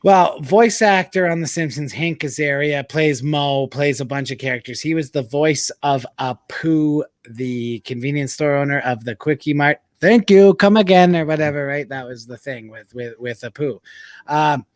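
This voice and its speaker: A man hosting a casual sports chat with friends, loud and profane, joking his way through the banter and reading an ad spot. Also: mid-range voice, moderate pace, dry recording, studio quality. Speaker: podcast host.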